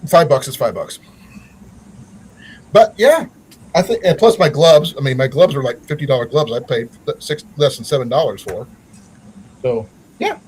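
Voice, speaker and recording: A man's voice: medium pitch, moderate pace, long pauses, a little mellow, slight background noise, low-quality recording. A man hosting a casual livestream chat, rambling with many fillers and restarts. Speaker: channel host.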